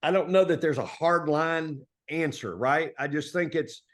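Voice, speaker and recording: Middle-aged coach guy from texas, chatty folksy stories, voice sits a bit high. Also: moderate pace. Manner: folksy, animated storytelling with Southern colloquialisms. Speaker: basketball coach. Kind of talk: conversational storytelling interview.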